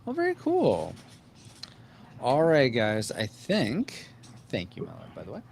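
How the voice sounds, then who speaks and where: A man's voice: medium pitch, huge pitch swings, a little slow, gravelly, a little mellow, a little hiss or hum. A man hosting a live podcast, leading an upbeat, joking casual chat with his co-hosts. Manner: upbeat, joking, leads the talk. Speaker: podcast host.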